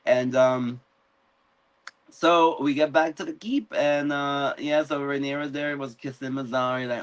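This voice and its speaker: Male host, mid pitch, casual and animated recap, acts out quotes. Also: a little slow, clean tone, low-quality recording. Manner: animated, acts out characters' lines. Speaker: podcast host. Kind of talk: casual live-stream episode recap.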